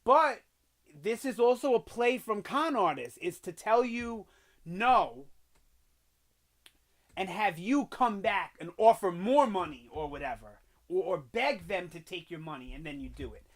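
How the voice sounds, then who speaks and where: A man with a high voice and lively intonation talks casually about a TV episode, a little slowly, rambling through scenes with lots of fillers and restarts. He's recording on a home microphone in a room whose echo he notices.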